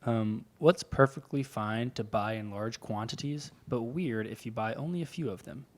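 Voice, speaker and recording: A man's voice: medium pitch, moderate pace. Young man rambling in a casual podcast. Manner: rambling, laughs often, restarts words. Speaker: podcast co-host. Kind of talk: casual chat.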